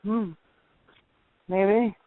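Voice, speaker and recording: A man co-hosting a casual wrestling radio show, eager and quick to rattle off names. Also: sits high, fairly even intonation. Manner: quick, eager, listing names off the top of his head. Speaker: podcast co-host. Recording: tinny phone-line audio, dry.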